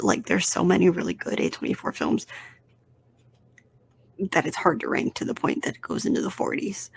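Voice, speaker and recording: Blunt, profane woman with a gravelly low voice. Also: a little mellow. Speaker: podcast host. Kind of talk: casual solo film-ranking podcast.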